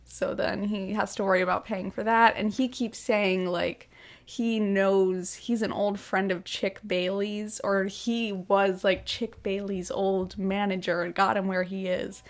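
Slow-talking woman doing playful impressions. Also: mid-range voice, flat delivery. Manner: playful retelling with voiced impressions of characters. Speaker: podcast co-host. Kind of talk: casual film recap chat.

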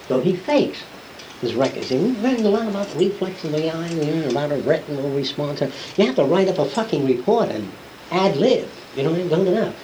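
A man's voice: fairly high pitch, big pitch swings, fairly quick, warm tone, low-quality recording. A man giving an unscripted classroom lecture, blunt and rambling, swearing and acting out the people he quotes. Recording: old lecture tape with hiss.

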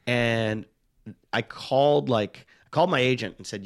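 A man's voice: mid-range voice, fairly quick. A middle-aged man, a touring comic, telling rambling self-mocking stories in casual chat and acting out the people he quotes. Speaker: touring stand-up comic, podcast guest.

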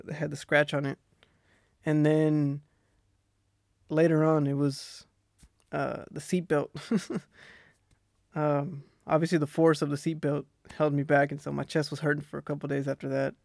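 A young man with a Texan accent telling a personal story on his podcast in a relaxed, rambling way, laughing often. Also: fairly high pitch, vocal fry, no room sound, clean studio sound. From Texas. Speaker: podcast host. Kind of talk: casual storytelling monologue. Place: Australia.

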